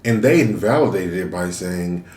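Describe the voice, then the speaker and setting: A man's voice: sits low, animated, moderate pace, a little mellow, echoey room. A man chatting casually to viewers while eating, venting and asking rhetorical questions. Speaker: mukbang vlogger. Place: room, eating on camera.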